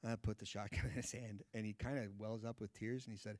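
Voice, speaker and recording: A man in his thirties teaches a church group through a personal story, jumping into the voices of the people in it. His voice sits low, and the sound is dry and close with little room echo. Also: quick pace, hardly any pauses. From United States. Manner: lively storyteller acting out dialogue. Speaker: guest Bible teacher. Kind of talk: sermon storytelling.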